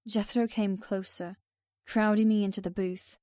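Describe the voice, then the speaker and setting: A woman narrating a first-person audiobook in an even, subdued storytelling manner. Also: medium pitch, normal speed, no room sound, clean studio sound.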